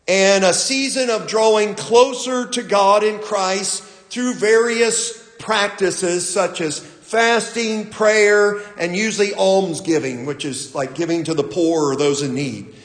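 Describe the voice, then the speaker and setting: A pastor delivers his sermon in a high voice, taking his time and pausing with fillers as he tells a story. His voice rings through a large, echoey church hall. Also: fairly bright tone. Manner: unhurried storytelling with fillers and restarts.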